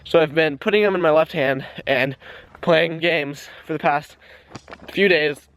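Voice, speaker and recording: A man's voice: fairly high pitch, unhurried, a bit bright. A young man vlogging casually while walking a trail outdoors, out of breath and rambling off on tangents as he talks into a handheld camera. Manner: rambling, easily distracted. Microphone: handheld camera aimed at his face.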